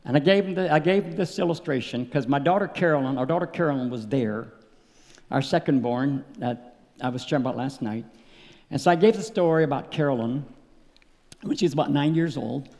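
A middle-aged man preaching a sermon at a tent meeting, telling a personal story and building to loud, emotional peaks. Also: on the high side, brisk, in a large hall. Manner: storytelling, rising to loud emotional peaks, acting out his story with sound words.

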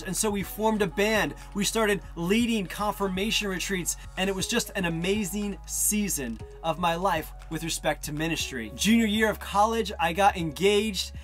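Man, 30s, from New Jersey, high-pitched, animated storyteller giving a personal testimony over faint music. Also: moderate pace, hardly any pauses. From northern New Jersey. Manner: animated, acts out quoted voices. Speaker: testimony speaker.

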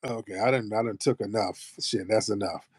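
A man's voice: fairly low pitch, normal speed, a little mellow, breathy edge, dry recording, studio quality. An American man hosting a live audio chat, brash and profane, bantering with callers. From United States. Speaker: host of a live audio space.

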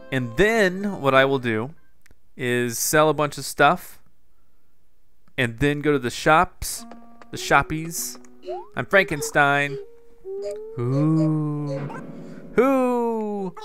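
A man's voice: mid-range voice, a bit bright. A man hosting his own gaming channel, giving casual, jokey gameplay commentary with self-mocking asides. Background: faint game music.

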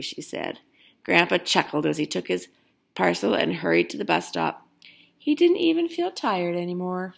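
A woman reading a children's picture book aloud in an expressive, unhurried storytelling manner. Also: lowish voice, vocal fry. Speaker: storybook reader.

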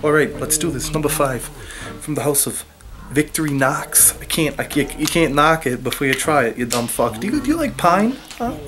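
A man reviewing colognes in a crude, taunting comedic rant, with a raspy, worn-out voice. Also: medium pitch, steady tone, moderate pace, over music. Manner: profane, taunting, rhetorical "huh?"; raspy, losing his voice. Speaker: fragrance reviewer.

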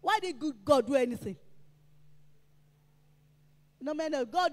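Woman preacher, very high and urgent voice, hammering refrains, reverb-heavy church hall. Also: expressive, unhurried. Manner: emphatic, repetitive exhortation with shouted peaks. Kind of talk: sermon.

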